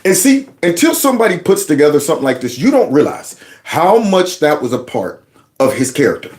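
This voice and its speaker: Animated, mocking male commentary host. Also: on the high side, a little fast. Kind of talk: reaction commentary.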